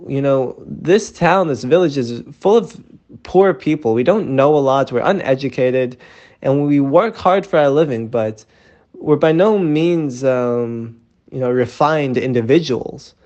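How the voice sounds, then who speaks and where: A man's voice: medium pitch, expressive, a little slow, darkish tone, lo-fi sound, natural voice. A man voicing a humble peasant husband who speaks apologetically to a king.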